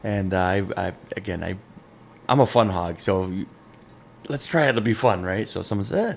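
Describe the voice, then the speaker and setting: Animated, self-mocking man telling a story. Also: low voice, normal speed, vocal fry. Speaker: podcast co-host. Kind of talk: casual chat, storytelling.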